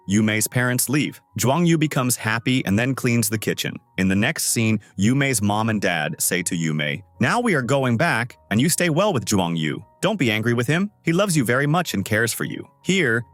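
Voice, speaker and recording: Male recap narrator, scripted storytelling, bouncy intonation, dry voice-over. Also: no echo. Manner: reads every part in the same voice, lively pitch.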